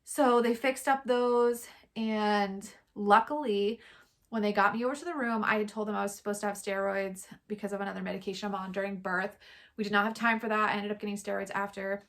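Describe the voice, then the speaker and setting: A woman in her thirties telling a personal story in a casual, chatty vlog, quoting others in lively bursts. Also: medium pitch, a little fast. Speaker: vlogger.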